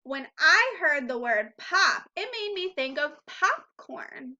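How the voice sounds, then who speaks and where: Slow, bright-voiced woman teaching phonics. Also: sits high, very animated, lo-fi sound. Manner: slow, clear, encouraging teacher talk with drawn-out sounds. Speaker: first grade teacher. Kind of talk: phonics lesson for young children.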